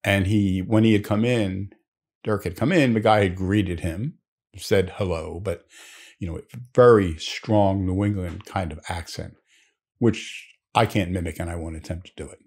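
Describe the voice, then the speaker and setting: A man's voice: sits low, fairly even intonation, normal speed, a little mellow, husky. A man telling a long joke story in a leisurely, conversational way, with asides to the listener.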